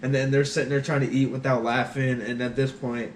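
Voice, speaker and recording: A young man, a former Marine, telling boot camp stories in a casual, animated way, often laughing. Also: medium pitch, a little fast, a little hiss or hum. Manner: animated, laughing, acting out shouting drill instructors in his stories. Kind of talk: casual storytelling chat. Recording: echoey room, somewhat far from mic.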